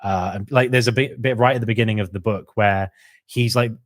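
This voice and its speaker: Low-voiced man, dry close sound. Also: fairly even intonation, dry recording. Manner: chatty, acts out characters' lines in quick asides. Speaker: podcast co-host. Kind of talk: casual lore discussion.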